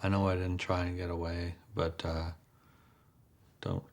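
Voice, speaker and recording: Man interviewee, very low and monotone, withdrawn answers. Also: a little slow. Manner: quiet, short, withdrawn answers. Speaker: offender being interviewed.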